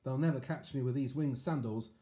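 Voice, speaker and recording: A man's voice: medium pitch, a little fast, mellow, pitched above the performer's own voice, natural voice. A man voicing a brave young hero in a storybook, sounding eager and bold.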